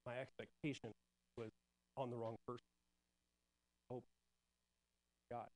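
A man sharing a personal testimony at a church service, earnest and halting, with many restarts and fillers. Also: medium pitch, little pitch movement, darkish tone, rough recording.

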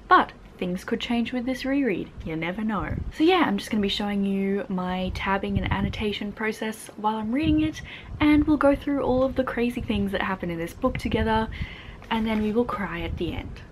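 A woman's voice: medium pitch, expressive, a little fast, a little hiss or hum. A young woman chatting casually in a reading vlog, gushing and giggling as she talks about her book. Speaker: book vlogger.

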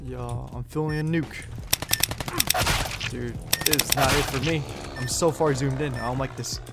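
A young man giving casual commentary over his own shooter gameplay, chatty and yelling at big plays. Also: medium pitch, a little slow, very noisy. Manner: excitable, yells at big plays. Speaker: gaming YouTuber. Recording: loud game music and gunfire behind.

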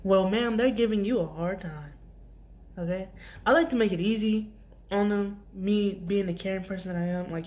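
A woman's voice: mid-range voice, moderate pace, darkish tone. A young woman vlogger telling a casual storytime about her job, rambling with many restarts and asides. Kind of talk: storytime vlog.

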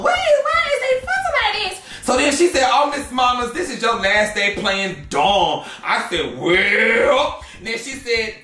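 A man's voice: high voice, bright, forceful tone, distant mic. A man hosting a celebrity drama commentary show, sassy and exclamatory as he reads posts aloud and reacts to them. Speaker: gossip show host. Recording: echoey room, off mic, faint music.

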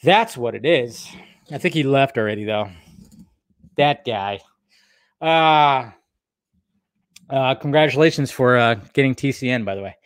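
A man's voice: medium pitch, expressive, unhurried, long pauses, smooth, no room sound, studio quality. A man hosting a casual livestream, reading and answering chat in a rambling, laid-back way. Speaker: YouTube host answering live chat.

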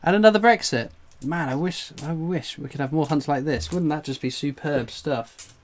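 A man's voice: fairly high pitch, normal speed, slight background noise. A man hosting a live stream, exclaiming and laughing as he goes. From England. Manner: exclaiming, laughing, breathless with excitement. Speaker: coin collecting streamer. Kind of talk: excited live stream commentary.

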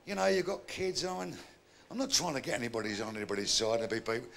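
An older man telling bawdy jokes in live stand-up, with gravelly punchy delivery and shouted punchlines. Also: mid-range voice, big pitch swings, fast, slight background noise. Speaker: stand-up comedian. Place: live comedy venue with audience.

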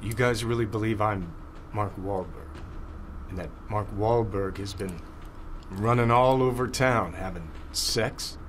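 A man playing a calm, deadpan, baffled movie star being interrogated in a comedy sketch. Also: fairly low pitch, measured pace, natural voice. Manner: calm and deadpan, growing exasperated. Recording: faint background noise.

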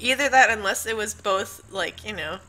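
A woman's voice: mid-range voice, moderate pace, bright, forceful tone, soft background music. A woman hosting a gameplay session, giggling, swearing and reacting to the game as she plays with a friend. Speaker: channel host and co-player. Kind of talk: casual gameplay chat.

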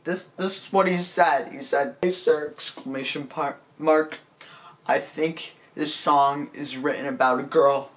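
A man plays up a fake-tearful apology in a slow, drawn-out delivery. He stammers through every sentence, pleading and self-pitying. His fairly high voice keeps jumping into squeaky cracks. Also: steady tone, fairly bright tone. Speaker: comedy vlogger. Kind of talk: mock-serious apology monologue.

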